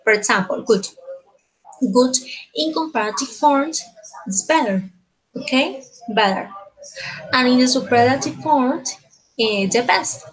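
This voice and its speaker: Woman teacher, measured unhurried delivery, keeps checking in with "okay?". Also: high voice, animated, husky, poor audio. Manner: slow, repeats words, ends phrases with tag questions. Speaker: English teacher. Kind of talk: slow grammar lesson.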